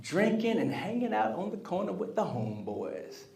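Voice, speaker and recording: A man delivering a motivational keynote in a convention center hall, his voice sitting a bit higher than most men's. He speaks with energy, keeps checking in with the crowd, and drops into other people's voices to act out little scenes. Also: moderate pace. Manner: energetic, call-and-response with the crowd; acts out quoted voices. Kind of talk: live keynote speech to an audience.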